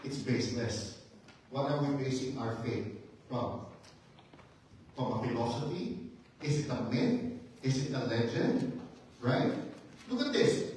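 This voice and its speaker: A man's voice: medium pitch, animated, measured pace, pauses often, a little mellow, a little hiss or hum. A male pastor preaching a sermon with emphatic rhetorical questions, building to fervent intensity. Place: church sanctuary. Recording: very echoey church hall, mic at a distance.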